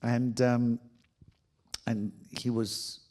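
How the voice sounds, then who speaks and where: A man with a French accent answers questions from an audience. His voice sits at an ordinary middle pitch. He talks in a lively, playful way and laughs easily. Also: very slow. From France. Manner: playful, expressive, laughs often. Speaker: guest author and actor. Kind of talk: audience Q&A conversation.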